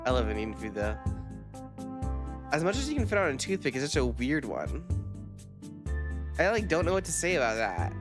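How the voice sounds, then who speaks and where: A vtuber streamer in casual live chat, rambling from one quick reaction to the next and swearing freely. The voice sits at a middle pitch, and music plays clearly underneath. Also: big pitch swings. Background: background music.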